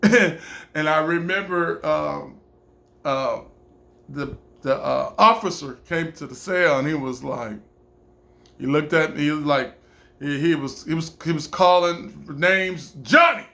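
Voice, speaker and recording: Animated man telling a story, gravelly voice. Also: fairly high pitch. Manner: animated, acts out other people's voices, laughs often. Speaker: vlogger telling a personal story. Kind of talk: casual storytelling.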